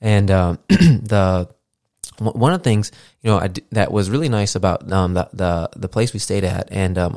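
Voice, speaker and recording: Deep-voiced man rambling on a podcast. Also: a little mellow, no room sound, studio quality. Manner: rambling, heavy fillers, casual swearing. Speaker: podcast host. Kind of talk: casual solo podcast monologue. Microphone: podcast mixer with studio mic.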